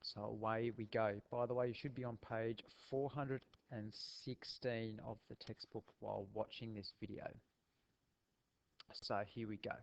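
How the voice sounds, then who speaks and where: A man teaching a recorded video lesson, his voice nasal from a cold, talking in a relaxed way with frequent ums and restarts. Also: fairly low pitch, moderate pace, creaky, muffled recording, slight background noise.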